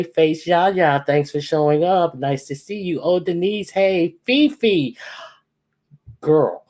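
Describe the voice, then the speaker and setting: A woman's voice: low voice, warm tone. A woman hosting a casual livestream, reading out viewers' names one by one and teasing them playfully. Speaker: livestream host. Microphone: computer or phone mic with echo.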